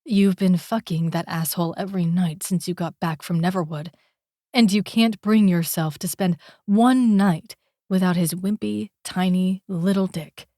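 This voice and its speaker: Brief: woman reading jealous young male lead for an audiobook, crude and harsh, a touch lower, slow, dry sound. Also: fairly even intonation, warm tone, no echo, lightly acted. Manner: crude, cutting accusations. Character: jealous, brooding young man, harsh and possessive. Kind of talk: audiobook character voice.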